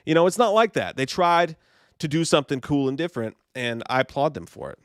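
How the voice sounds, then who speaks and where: A man hosting a live movie news stream, talking in an excitable, profane, rambling way while reading chat. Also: a little high, brisk, clear, resonant tone, dry recording, studio quality.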